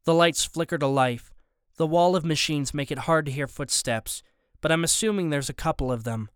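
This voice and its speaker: A man narrating a first-person story as an audiobook narrator, steady and even. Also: fairly high pitch, normal speed, smooth, dry recording, clean studio sound.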